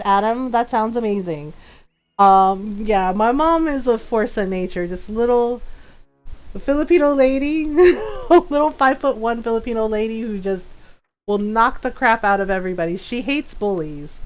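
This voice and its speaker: A woman's voice: on the high side, normal speed. A woman streaming a game, chatting casually with viewers, telling stories and laughing often. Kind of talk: casual gaming stream chat.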